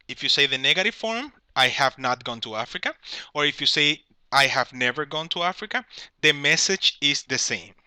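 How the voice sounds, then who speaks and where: A man with a slightly high, bright, forceful voice teaches an English grammar lesson, explaining patiently and checking in with "all right?" He corrects himself mid-sentence as he goes. There's no echo on the recording.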